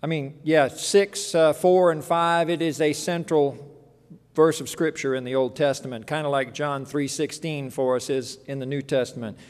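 A man preaching a sermon, telling a story with lively delivery and acting out voices. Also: on the high side, normal speed, clear, resonant tone, long reverb tail. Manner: animated storytelling, acts out voices.

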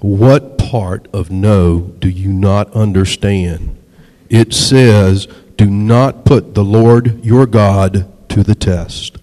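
A man voicing a stern, firm man who bluntly rebukes a tempter, speaking slowly and emphatically. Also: fairly low pitch, steady tone, warm tone, big-room sound, voice pushed down. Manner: blunt, emphatic, slow and deliberate.

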